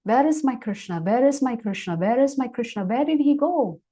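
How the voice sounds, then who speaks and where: Brief: woman doing a devoted, worried mother from a devotional tale, high and pleading, warm tone. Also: normal speed, natural voice. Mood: frantic. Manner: pleading, frantic calling for her son. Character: Mother Yashoda, a doting anxious mother.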